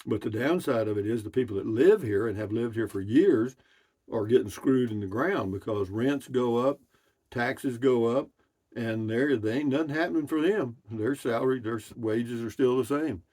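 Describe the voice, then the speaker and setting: A man's voice: mid-range voice, normal speed, a little mellow. An older man, casually reading out and answering viewer comments in a folksy, rambling way. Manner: rambling and folksy, drawling with slangy asides.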